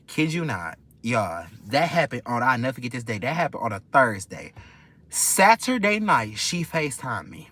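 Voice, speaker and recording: A man telling a storytime vlog in an animated, gossipy way and swearing freely. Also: medium pitch, moderate pace. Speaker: vlog host.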